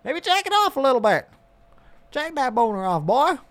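A man puts on a crude, hearty voice that jeers at a boy, pitched far above his normal speech. It comes out loud and brash. The sound is slightly away from the mic. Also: big pitch swings, moderate pace, exaggerated voice. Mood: jeering.

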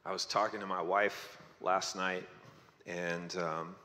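Slow, deep-voiced man reflecting earnestly. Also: flat delivery, pushed and bright. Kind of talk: reflective conversation on stage. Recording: long reverb of a large hall.

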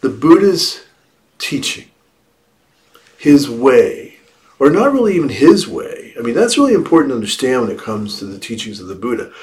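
A man giving a Buddhist dharma talk in a slow, reflective way, with playful asides. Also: medium pitch, sing-song, a little mellow. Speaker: Buddhist teacher.

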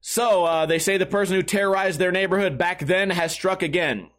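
A man's voice: high-pitched, fairly quick, fairly bright tone. A young man telling a story casually, rambling, swearing and laughing often as a podcast host.

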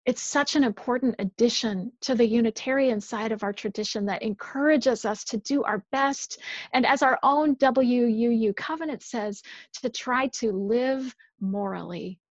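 A woman minister giving a measured, earnest sermon, dropping softer on key phrases. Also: fairly high pitch, dry recording, lo-fi sound.

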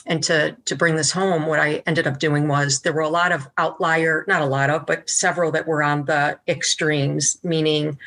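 A woman's voice: deep voice, fairly even intonation, moderate pace, hardly any pauses, a bit bright. A woman being interviewed, telling her story in an earnest, heartfelt way. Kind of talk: reflective conversational storytelling.

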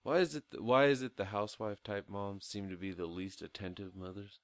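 A man's voice: on the low side, fairly even intonation, a little fast, dry recording. A young man co-hosting a casual movie review podcast, talking crudely and profanely and laughing often. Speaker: podcast co-host.

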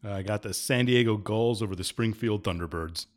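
A man's voice: fairly low pitch, fairly quick. A man co-hosting a casual podcast, teasing the others and telling stories. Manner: teasing, tells anecdotes. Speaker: podcast co-host.

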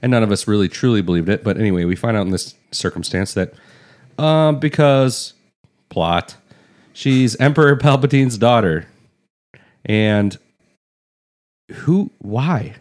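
A man's voice: on the low side, lively intonation, unhurried, pauses often, darkish tone. A man co-hosting a casual movie review chat, talking sarcastically and mocking the plot. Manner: sarcastic, mocks characters in put-on quotes.

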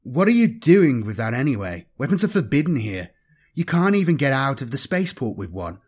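A man's voice: medium pitch, very animated, a little fast, darkish tone, breathy edge, pitched above the performer's own voice. A man voicing a nervous young male space navigator who talks in a quivering, insistent voice, in a science-fiction audiobook. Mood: anxious.

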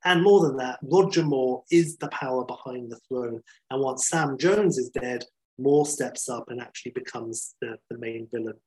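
A man's voice: mid-range voice, normal speed, poor audio. A man, a podcast host, telling a story in enthusiastic, chatty talk with many fillers. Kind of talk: casual storytelling chat.

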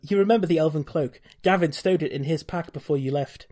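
A man's voice: a little high, brisk, dark tone. Wry man reading a gamebook aloud. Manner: wry, laughs often, reads narration steadily. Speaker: podcast host reading a gamebook.

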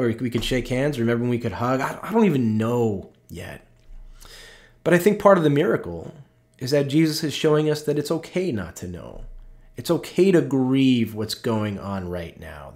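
An earnest male pastor preaching in a conversational way, with a voice of ordinary middle pitch. He talks personally and emotionally, checks in with his listeners often, and softens and slows on tender moments. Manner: earnest and personal, with frequent "right?" asides; openly emotional, slowing and softening on tender points. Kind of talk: conversational sermon.

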